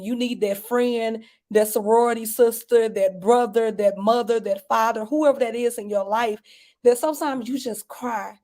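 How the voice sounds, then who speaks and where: A woman hosting a heartfelt panel over a video call, her voice sitting on the higher side. She talks with fervent, preacher-like repetition and builds emphasis phrase by phrase. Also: warm tone. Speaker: host of a grief panel. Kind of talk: emotional panel discussion.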